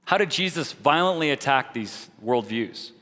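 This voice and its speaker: A man's voice: mid-range voice, expressive, moderate pace, sharp tone, in a large hall. A man preaching a sermon in an earnest, direct way, now and then mocking the views he argues against.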